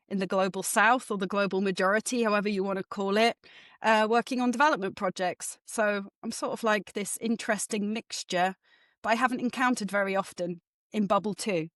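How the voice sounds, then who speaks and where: A woman from Norfolk, England, with a mixed English and mid-Atlantic accent, chatting about her work as a guest in a self-deprecating, animated way. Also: mid-range voice, dry recording, clean studio sound. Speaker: guest author and development economist. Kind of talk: casual interview chat.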